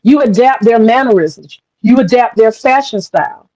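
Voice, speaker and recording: A woman's voice: a little high, moderate pace, darkish tone, no echo, low-quality recording. A woman talking in a blunt, profane casual monologue as a commentator, acting out other people's voices as she goes.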